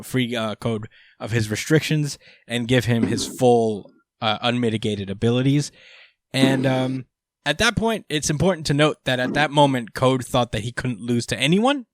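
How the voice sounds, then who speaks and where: A man's voice: mid-range voice, dry recording, studio quality. A man hosting a podcast, casually recapping a comic chapter, swearing freely with lots of fillers. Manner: laid-back, swears freely, many fillers. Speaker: podcast host.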